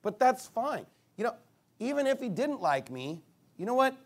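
A man's voice: very high voice, big pitch swings, moderate pace. A man preaching a casual, conversational sermon, telling stories and mimicking other people's reactions. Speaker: pastor.

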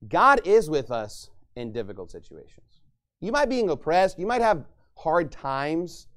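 A man preaching a sermon, teaching a Bible passage in a conversational way and acting out the quoted lines with a raised voice. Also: on the high side.

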